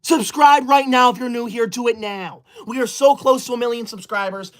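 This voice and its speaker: A very high, fairly bright male voice at a moderate pace portrays an indignant boy livestreamer, touchy, self-righteous and a teacher's pet. It's a comedic character skit in which he melodramatically scolds and bans viewers.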